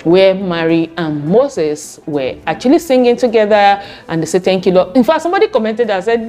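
A woman's voice: medium pitch, expressive, moderate pace, hardly any pauses, mellow, faint music behind. A woman from Nigeria hosting a channel, talking chattily to viewers and repeating "okay" often. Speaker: channel host. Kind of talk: casual vlog commentary.

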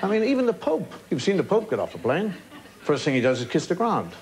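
Speaking a little high and a little fast over a noisy crowd, a man in his fifties with an Irish accent entertains a TV studio audience as a chat show guest. He acts out punchlines and drops wry asides through his comic tales. It comes from an old TV broadcast on a studio mic, thick with hiss and laughter from the audience.

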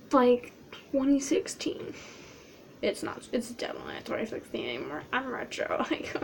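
A woman's voice: on the high side, noisy background. A woman vlogging in character as a cosplayer, rambling in a playful, self-mocking way. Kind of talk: casual in-character cosplay vlog.

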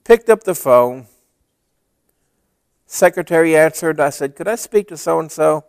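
Male pastor, high voice with a lot of lift, dry close sound; storytelling sermon that builds to emphatic preaching. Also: expressive, measured pace, creaky, clean tone, no echo.

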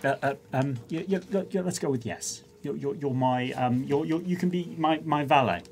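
A man's voice: mid-range voice, moderate pace, a little mellow, a little hiss or hum. A man, a player in a tabletop game, talking in character, stammering and restarting in a flustered way. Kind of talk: in-character tabletop role-play.

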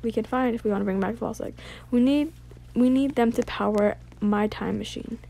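A female gaming YouTuber giving casual gameplay commentary, excitable and gushing, full of exclamations and reading game text aloud. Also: on the high side, brisk, gravelly.

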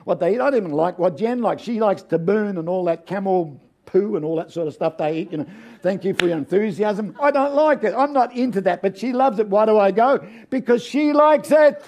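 A man's voice: high-pitched, fairly quick, dark tone. An older man with an Australian accent, a guest preacher giving a sermon full of stories, jokes and calls for an amen. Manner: folksy, humorous, calls out for amens. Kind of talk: sermon with storytelling.

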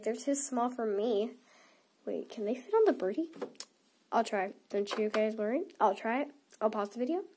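Chatting casually to the camera as she opens toys, a teenage vlogger giggles and rambles with a stuffy nose, using "like" again and again. Her voice sits fairly high and has a slightly mellow quality.

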